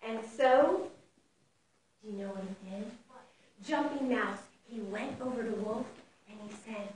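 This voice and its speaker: Woman preacher storytelling, high voice, dramatic, really echoey hall, far from mic. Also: measured pace, long pauses, a little hiss or hum. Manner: expressive, dramatic storytelling with big swings in loudness. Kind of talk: storytelling sermon. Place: fellowship sanctuary.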